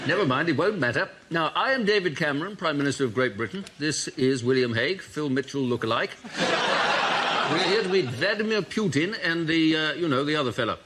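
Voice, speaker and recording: A man's voice: a little high, lightly acted. A man doing an impression of a bumbling, flustered posh British prime minister in a comedy sketch, rambling politely, in a noisy recording.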